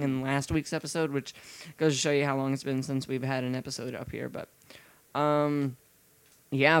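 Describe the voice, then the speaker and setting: A man's voice: mid-range voice, clear, resonant tone, no echo. A young man hosting a casual gaming podcast, rambling with lots of fillers and restarts. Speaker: podcast host.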